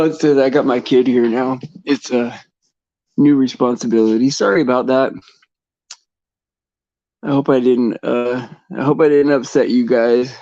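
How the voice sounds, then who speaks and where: A man hosting a casual Christian livestream, talking haltingly with many fillers and repeated words, and leading a prayer. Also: medium pitch, a little mellow, no echo. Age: adult father of a son over eight. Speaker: livestream host. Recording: dull lo-fi stream mic.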